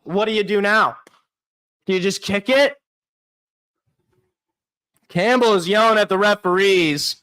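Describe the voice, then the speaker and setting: A young man hosting a sports show, calling a live game play by play as a fan and reacting loudly, often shouting in disbelief. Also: sits high, unhurried, long pauses, clean tone. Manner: excitable, shouting and anguished at big plays. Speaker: sports podcast host.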